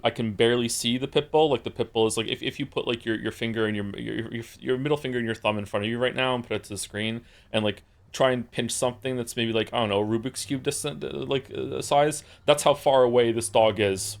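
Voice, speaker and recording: A man streaming and chatting casually with viewers, rambling through stories with lots of fillers, restarts and blunt swearing. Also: mid-range voice. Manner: profane and blunt.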